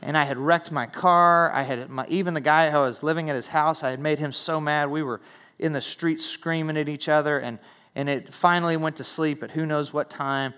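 A young man preaching and telling his own testimony, earnest, repeating words and falling to a hush at low moments. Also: fairly even intonation, fairly quick, smooth. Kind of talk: sermon testimony.

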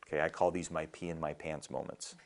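A man's voice: very deep voice, steady tone, fairly quick, vocal fry, a crowd in the background. A middle-aged male pastor preaching a sermon in a conversational storytelling way, often repeating words as he starts a thought.

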